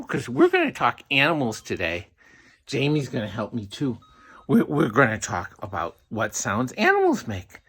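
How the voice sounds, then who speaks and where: A man's voice: medium pitch, fairly bright tone, husky. An older man and grandfather, teaching a small child at home in a playful, sing-song way and often repeating himself. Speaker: grandfather host.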